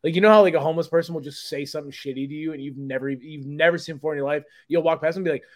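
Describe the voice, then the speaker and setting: Podcast guy riffing, swears a lot, kinda higher voice, goofy and animated. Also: very fast. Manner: joking, profane, animated storytelling. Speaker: podcast co-host. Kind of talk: casual chat.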